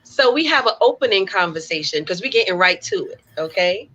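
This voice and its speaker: A woman hosting a talk show, speaking in a measured, deliberate way with occasional fillers. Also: medium pitch, expressive, fairly bright tone. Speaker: podcast host. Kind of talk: casual talk show discussion. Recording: dull, lo-fi sound.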